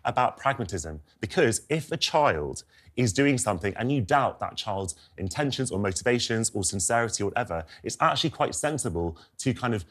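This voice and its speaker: A young man debating on a TV panel, earnest and measured with some hesitation. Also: fairly low pitch, expressive, a bit bright. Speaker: commentator.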